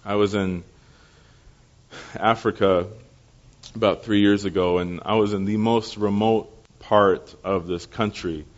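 Young male pastor, low voice, animated storyteller in a church sermon, dull lo-fi recording. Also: a little slow, pauses often. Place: church service.

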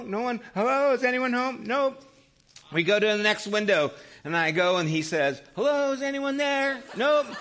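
A man's voice: a little high, bright, forceful tone. A man in his fifties, a pastor preaching a sermon in a conversational storytelling way, often checking in with "right?".

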